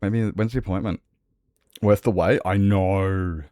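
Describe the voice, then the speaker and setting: A man's voice: low voice, steady tone, a little slow, dark tone, no room sound. An Australian man chatting casually and swearing freely with his viewers as a livestreamer, rambling from one thought to the next.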